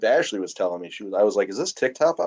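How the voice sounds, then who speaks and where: A man's voice: on the low side, sing-song, very fast, a little mellow. A man joining a live stream by call, chatting casually in a teasing way. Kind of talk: casual chat. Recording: dull lo-fi call audio.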